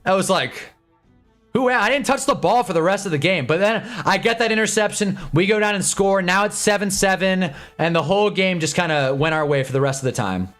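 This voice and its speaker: Young guy rambling on his stream, voice jumps all over, bright and tense. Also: sits high, fairly quick, few pauses. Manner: animated, laughing, swings between loud bursts and mumbled asides. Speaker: livestream host. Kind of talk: casual storytelling chat on a livestream. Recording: faint background music.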